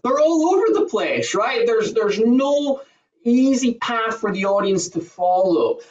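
A man's voice: high voice, big pitch swings, unhurried, darkish tone. A man, a presentation skills trainer, explaining with an emphatic coaching manner as a guest on a call. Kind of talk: podcast interview answers. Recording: roomy, distant, dull remote audio.

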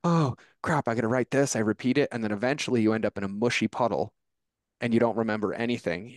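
Male podcast guest, low register, animated and emphatic delivery, dry close recording. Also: no echo. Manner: animated storyteller, quick and emphatic. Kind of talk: casual conversation.

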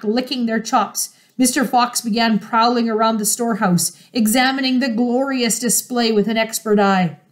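A woman reading a children's storybook aloud in an expressive, measured way. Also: a little high. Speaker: storybook reader.

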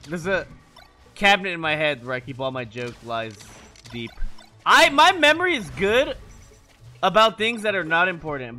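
A man chatting casually on a live stream, his fairly high voice swinging widely in pitch. His tone is bright and forceful, and he swears and teases freely. Faint music plays behind him. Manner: profane, teasing, laughs often.

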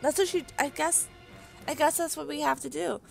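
A young woman commentating on a video game as she plays, chatty and excitable, talking into a desk mic. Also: high-pitched, normal speed, vocal fry, soft background music. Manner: excitable, chatty, reads game dialogue aloud. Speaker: let's play host. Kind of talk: casual gameplay commentary.

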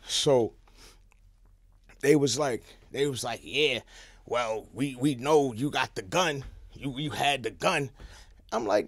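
New man, podcast guest, close dry studio mic, lively storytelling, hushed to shouting. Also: medium pitch, unhurried, no echo. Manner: animated, swings from hushed to shouting. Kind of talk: casual storytelling.

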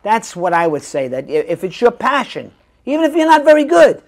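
An older man talks as an interview guest, spinning anecdotes with a lively, swinging pitch. He slips into the voices of the people he quotes as he tells his stories. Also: fairly quick. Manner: animated storyteller who acts out quoted voices. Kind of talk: casual interview chat.

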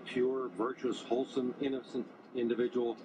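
A man with a mid-range voice answers mildly but keeps to his point. Clear background noise runs behind him the whole time. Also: medium pitch, level tone, normal speed. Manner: mild, insistent replies. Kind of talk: casual conversation.

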